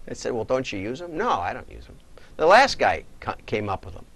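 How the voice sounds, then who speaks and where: A man's voice: medium pitch, sing-song, moderate pace, gravelly, fairly bright tone. A middle-aged man, a data marketing consultant, casually telling rambling stories on a livestream, chuckling and correcting himself as he goes.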